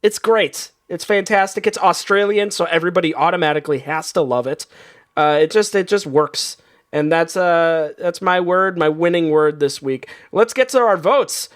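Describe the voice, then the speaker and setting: Man, comedy game host, high-pitched and playful, laughs easily through the banter. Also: normal speed.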